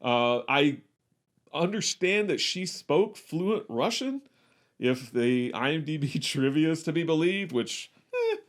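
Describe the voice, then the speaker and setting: Speaking slowly with lively intonation and a fairly high pitch, this movie podcast co-host keeps things casual. His wry remarks meander, and he frequently stops mid-sentence to correct himself.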